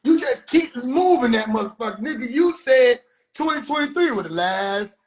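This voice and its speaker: A man giving heated, profane, incredulous commentary, often breaking into shouts. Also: very high voice, expressive, normal speed, crowd noise. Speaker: video commentator. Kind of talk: ranting commentary.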